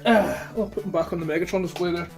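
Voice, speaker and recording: A man's voice: high-pitched, fairly even intonation, quick pace, vocal fry, faint music behind. A man chatting casually about his toy collection, rambling and blunt with plenty of swearing. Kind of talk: casual chat.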